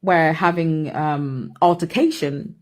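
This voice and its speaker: A woman retelling a story in a measured, hesitant way, with frequent ums. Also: sits low, a little mellow. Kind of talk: storytelling commentary.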